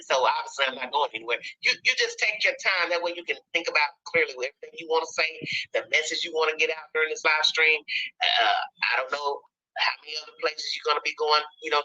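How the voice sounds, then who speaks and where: A man hosting a livestream who quickly reassures his guest and tells her to take her time. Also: fairly high pitch, pushed and bright, no echo, highs cut off. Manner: reassuring, fast-talking. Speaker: livestream host interviewing a guest.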